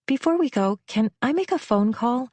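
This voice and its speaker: A woman's voice: a little high, expressive, normal speed, dark tone, no room sound, pitched above the performer's own voice. A woman voicing a polite, earnest young woman who speaks shyly. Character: young woman, polite, shy, runaway bride.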